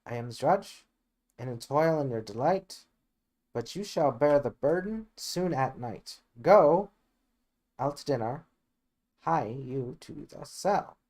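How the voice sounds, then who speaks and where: A man's voice: medium pitch, lively intonation, takes it slowly, darkish tone. A man voicing a talkative, bustling middle-aged nurse in an amateur reading of a Shakespeare play.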